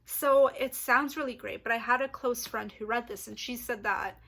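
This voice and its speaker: A young woman chatting casually to camera about books she plans to read, excitable and quick to apologise. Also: a little high, creaky. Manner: chatty, excitable, apologetic asides, laughs often. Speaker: book vlogger. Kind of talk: casual book chat to camera.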